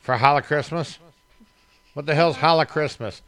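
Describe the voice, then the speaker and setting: A man's voice: a little high, normal speed, a bit bright. Crude joking man hosting a podcast. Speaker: podcast host. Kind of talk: casual banter.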